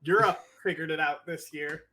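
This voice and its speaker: A man with a high, bright voice, chatting casually on a livestream. He teases with sarcastic questions. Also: steady tone, moderate pace. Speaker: livestream co-host. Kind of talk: casual chat.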